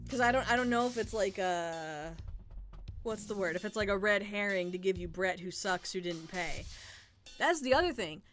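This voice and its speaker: A woman's voice: medium pitch, expressive, normal speed, a bit bright. A woman streamer thinking aloud in casual gameplay commentary. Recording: game music behind.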